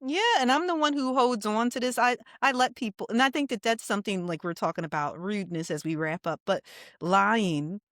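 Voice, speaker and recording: A woman who teaches, co-hosting a podcast in casual chat, easygoing and quick to laugh. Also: medium pitch, a bit bright, no echo, clean studio sound.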